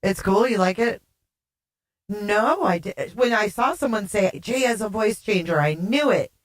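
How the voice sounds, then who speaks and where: A woman's voice: medium pitch, lively intonation, a little slow. A woman hosting a casual livestream, chatting and reading viewer comments aloud, her voice sounding odd, warbly and echoey. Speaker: livestream host.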